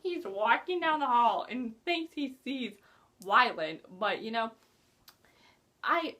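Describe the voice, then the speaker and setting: Young woman gushing about a book, highish voice that bounces all over, giggly and excitable. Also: normal speed. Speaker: book reviewer. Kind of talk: casual book review vlog.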